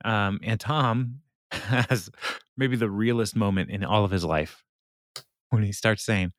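A man's voice: fairly low pitch, takes it slowly, pauses often, dry recording, clean studio sound. A man co-hosting a podcast, rambling through an episode recap with many fillers and frequent laughs. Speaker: podcast co-host.

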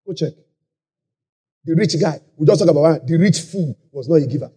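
A man preaching a sermon at a church conference, swinging between shouted lines and low asides and repeating phrases. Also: brisk, husky.

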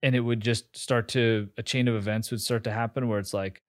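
A man's voice: lowish voice, little pitch movement, a little fast, hardly any pauses, no room sound, studio quality. A man in his forties, a podcast guest telling a story in a candid, self-mocking way, swearing casually and restarting his sentences. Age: 40s. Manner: candid, swears freely, laughs at himself, many fillers and restarts. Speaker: interview guest.

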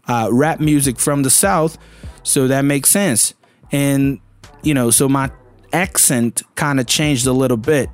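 A Brazilian man in his thirties, a native Portuguese speaker with a Brazilian Portuguese accent, gives a casual, animated English pronunciation lesson to camera. His pitch is medium, and he frequently asks the listener questions.

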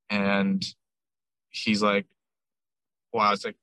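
Guy telling a long story, bright voice, dry close sound, lots of "i'm like". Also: lowish voice, a little slow, pauses often, clear, resonant tone, dry recording, rough recording. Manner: chatty, animated retelling with many "I'm like" quotes. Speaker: ramen shop owner, guest. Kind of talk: casual interview storytelling.

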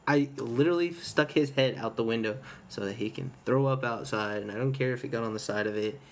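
A young man in casual chat, telling stories with lots of swearing and animated laughter. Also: medium pitch, a little fast, slight background noise. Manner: swears a lot, animated storytelling.

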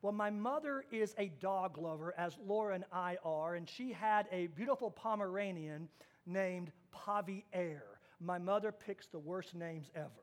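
A man from Kansas preaching a sermon as pastor, telling a story and acting out the voices in it, moving from hushed to loud. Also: sits high, measured pace. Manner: storytelling with acted-out quotes, swings from hushed to loud.

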